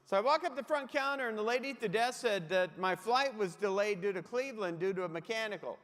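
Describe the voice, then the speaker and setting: High-voiced male keynote humorist, hall echo. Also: lively intonation, a little fast, fairly bright tone. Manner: punchy storytelling with comic asides to the audience. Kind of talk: comic motivational keynote. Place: large conference hall. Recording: echoey hall reverb.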